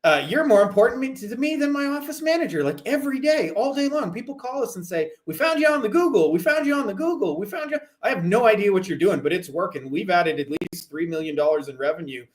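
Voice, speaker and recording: A man playing a thrilled male surgeon who shouts his praise in a voice pitched far above normal. He swears freely and sounds close to bursting. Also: steady tone, fairly quick, few pauses, close to an everyday voice. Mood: elated. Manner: loud and shouting.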